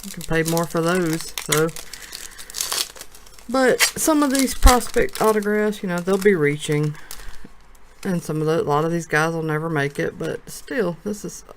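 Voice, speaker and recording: A woman from a card shop talking casually as she opens a box of trading cards, thinking aloud, her voice low with early morning. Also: unhurried, noisy background. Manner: chatty, thinks aloud while sorting cards.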